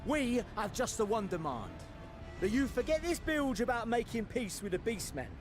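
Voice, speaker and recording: A brash pirate captain from a video game who taunts and swaggers. The voice sits high and swings widely over game music. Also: male voice, big pitch swings, moderate pace. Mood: defiant.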